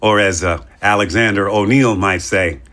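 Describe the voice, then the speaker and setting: A man's voice: on the low side, normal speed, fairly bright tone. A man hosting a podcast in casual chat, joking and rambling with playful asides. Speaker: podcast host.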